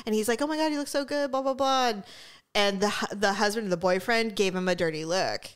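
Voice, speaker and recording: A woman's voice: mid-range voice, a little fast, clean tone. A woman co-hosting a podcast, telling stories in casual chat, laughing often and acting out what other people said. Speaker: podcast co-host.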